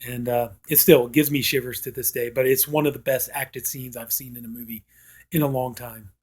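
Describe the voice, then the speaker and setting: Man, film reviewer, casual talk, mid-pitched voice, rambling, lots of filler words. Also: fairly even intonation, fairly quick, a little mellow, breathy edge. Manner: rambling, heavy use of "you know" fillers; acts out quoted lines from the film.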